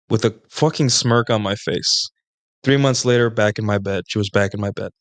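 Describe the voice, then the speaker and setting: A man of middle pitch with a smooth, resonant voice, recorded dry and close. He boasts his way through loose, rambling dating anecdotes on his own stream, forever turning to his listeners for agreement. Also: normal speed, no room sound. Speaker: streamer hosting a solo talk show. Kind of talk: casual storytelling monologue about dating.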